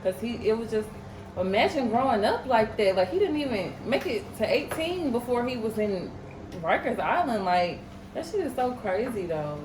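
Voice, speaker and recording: A woman's voice: a little high, sing-song, moderate pace, reverberant, noisy background. A young woman co-hosting a podcast, speaking in an earnest, emotional and casual way. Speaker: podcast co-host.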